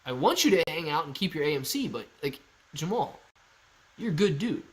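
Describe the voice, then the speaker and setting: His voice is fairly high, swings widely in pitch, and runs a little fast. The young man is hosting a loose, jokey livestream, reading chat out loud and answering viewers casually while calling them dude and man. A phone acts as his camera in a storage-style room at home.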